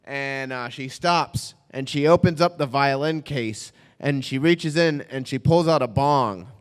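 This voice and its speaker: A young man telling a comic true-life story on stage, animated and self-mocking, often laughing and trailing off in fillers. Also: mid-range voice, measured pace, clear, resonant tone. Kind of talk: live comedic storytelling. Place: stage in a hall before an audience. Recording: reverberant stage hall.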